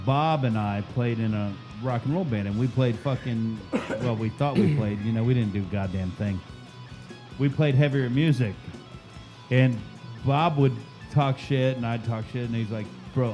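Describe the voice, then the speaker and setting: A man's voice: medium pitch, a little mellow. A man hosting a casual podcast chat, telling stories with lots of swearing and laughter. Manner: profane, laughing storyteller. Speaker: podcast host, chef and teacher.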